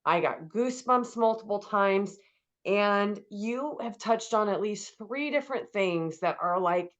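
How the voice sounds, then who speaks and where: A woman's voice: mid-range voice, expressive, measured pace, dull audio. A woman hosting an interview, talking enthusiastically and effusively, with lots of "like". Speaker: podcast host. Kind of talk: interview conversation.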